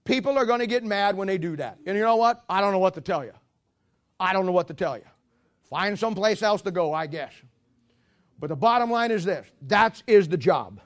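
A man's voice: sits high, animated, brisk. A man pastor preaching a sermon as a rambling, joking storyteller who walks about while he preaches.

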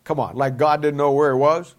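A man's voice: on the high side, steady tone, fairly quick. Folksy male Bible teacher preaching. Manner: folksy, conversational preaching with rhetorical questions. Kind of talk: sermon-style Bible lesson.

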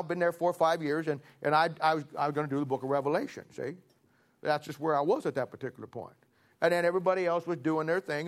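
A middle-aged man preaching a sermon, telling stories in a folksy way and building to forceful emphasis. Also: fairly high pitch. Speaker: pastor. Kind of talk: storytelling sermon.

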